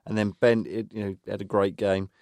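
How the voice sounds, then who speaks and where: A man's voice: fairly low pitch, flat delivery, moderate pace, a little mellow, dry recording, studio quality. A man co-hosting a podcast, recapping a football match goal by goal in casual chat. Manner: recaps goals and minutes from notes. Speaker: podcast co-host.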